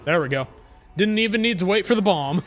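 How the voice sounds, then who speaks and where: Young male gaming streamer, high-pitched, hot-tempered and profane, casual chat over faint music. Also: expressive, fairly bright tone. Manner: profane, ranting, quick to anger.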